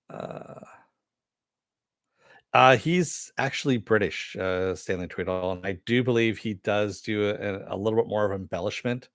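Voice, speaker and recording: A man's voice: lowish voice, dry recording, studio quality. An American man hosting a casual live stream, rambling and reading viewer comments aloud. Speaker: host.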